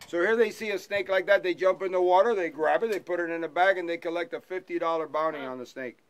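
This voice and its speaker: Guiding passengers across the wetlands on an airboat, a man speaks quickly in a high voice, playfully teasing them and spinning stories. Recorded on a 360 camera fixed to the boat, the low-quality audio is swamped by wind and engine noise.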